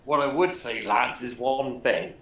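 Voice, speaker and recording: A man's voice: mid-range voice, a little slow, a bit bright. A man playing in a tabletop game, bantering bluntly and jokily in character over a video call. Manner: blunt, jokey, a bit brash. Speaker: player. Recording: echoey room with faint background noise.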